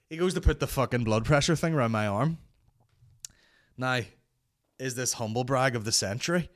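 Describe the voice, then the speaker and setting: A man's voice: on the low side, quick pace, no echo, studio quality. A man with a Northern Irish accent hosting a comedy podcast, telling a story casually, swearing constantly and slipping into voices of other people. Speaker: podcast host.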